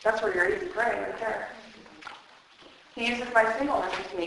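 A woman preaching a sermon, animated and joking, acting out little voices as she teaches. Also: medium pitch, moderate pace, creaky, long pauses, slight background noise. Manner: animated, jokey, acts out voices. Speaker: women's speaker preaching on Genesis. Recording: very echoey hall.

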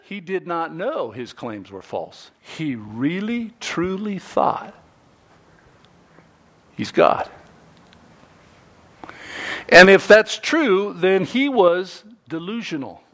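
A man preaching a sermon in an animated, playful way, acting out quotes and little scenes to make his point. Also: high-pitched, takes it slowly, pauses often.

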